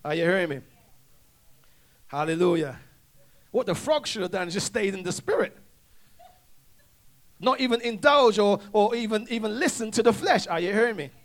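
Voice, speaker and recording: A man's voice: high-pitched, animated, moderate pace, pauses often. A male preacher delivering a sermon, calling for responses and often restarting his sentences. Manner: call-and-response, stammering restarts.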